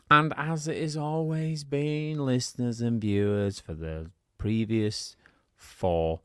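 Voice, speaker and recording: A man's voice: lowish voice, creaky, no echo, clean studio sound. A man co-hosting a casual podcast, rambling and teasing with a giggly manner. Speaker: podcast co-host.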